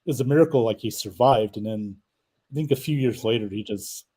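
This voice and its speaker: A man hosting a loose, casual chat, his voice mellow and dark. He rambles, pauses on fillers and often trails off before finishing a thought. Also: mid-range voice, slightly rough. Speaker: podcast host.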